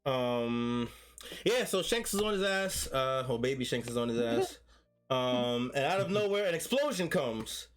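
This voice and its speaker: A man co-hosting a podcast, recapping a chapter in a relaxed casual way and laughing often. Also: mid-range voice, measured pace.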